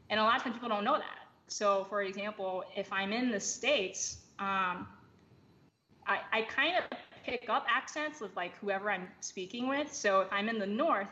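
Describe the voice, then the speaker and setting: A woman's voice: medium pitch, bright, forceful tone. A woman guest on a podcast, explaining things in a casual, thoughtful way with many fillers and restarts. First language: English. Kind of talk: casual chat. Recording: slightly dull lo-fi audio with faint noise.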